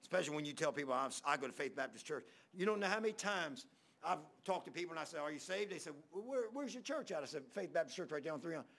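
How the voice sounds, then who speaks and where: Talking fast with lively intonation, this pastor's voice runs on the high side, fairly bright, with vocal fry. He spins folksy Southern sermon stories, rambling along and voicing the dialogue of the people he quotes.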